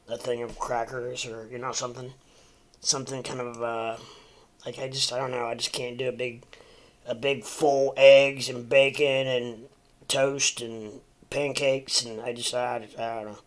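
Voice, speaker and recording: An American man chatting casually on a livestream, rambling with lots of fillers and restarts, and talking to his dog in between. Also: medium pitch. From United States. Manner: talks to his dog mid-stream. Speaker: crypto livestream host.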